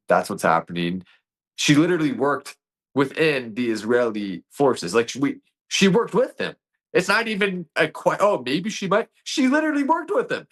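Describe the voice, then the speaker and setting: A man with a fairly low voice co-hosts a casual political chat. He talks in long, earnest runs and keeps firing off rhetorical questions. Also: a bit bright. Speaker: podcast co-host.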